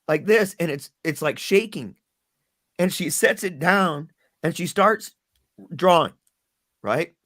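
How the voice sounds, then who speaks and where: A middle-aged man telling a painful personal story as a podcast guest, earnest and halting, often repeating words as he goes. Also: a little high, fairly bright tone.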